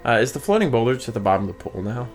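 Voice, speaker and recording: A man's voice: mid-range voice, very fast. A young man giving casual, joking commentary while playing a video game with a friend. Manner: joking, sarcastic, lively voices for quotes. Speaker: let's play co-host. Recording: game music faintly behind.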